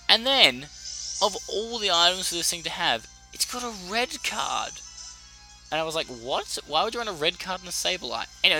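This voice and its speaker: A young Australian man commentating a game battle casually, animated and profane, often correcting himself. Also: medium pitch. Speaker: YouTuber. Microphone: desk mic.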